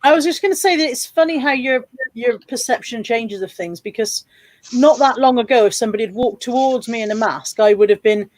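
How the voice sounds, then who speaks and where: Lively woman acting out her stories. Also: a little high, fairly quick, no room sound. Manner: animated storyteller acting out quoted reactions. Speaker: guest. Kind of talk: casual chat.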